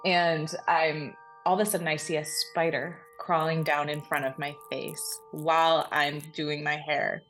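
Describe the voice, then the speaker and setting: Low-voiced woman telling a ghost story. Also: measured pace, hardly any pauses, soft background music. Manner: animated, breathless retelling with frequent laughs and fillers. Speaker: podcast co-host. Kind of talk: casual storytelling.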